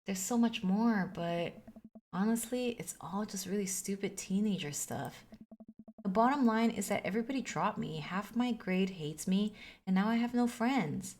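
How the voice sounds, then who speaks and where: A woman's voice: mid-range voice, normal speed, a little mellow, close to an everyday voice. A woman reading the lines of an upset teenage girl from a video game, rambling, hurt and exasperated. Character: upset teenage girl venting about friends.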